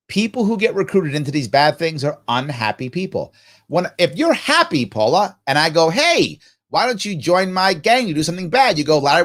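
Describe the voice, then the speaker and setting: Live show host, man, lively swooping voice on the high side, preachy rhetorical style, plays out little dialogues. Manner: animated, preachy, rhetorical questions answered himself; acts out both sides of imagined conversations. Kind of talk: live ask-me-anything talk.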